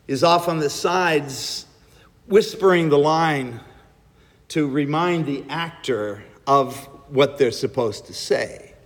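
Slow, measured preacher in a reverberant hall. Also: male voice, on the high side. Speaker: pastor. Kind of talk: sermon. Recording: long echo of a large hall.

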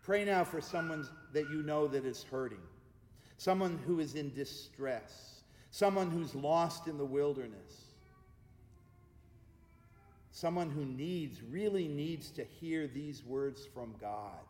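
A man preaching a sermon as pastor, speaking with emphatic repeated refrains and easing into hushed, slow prayer. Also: fairly high pitch. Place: church sanctuary. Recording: echoey church hall with long reverb.

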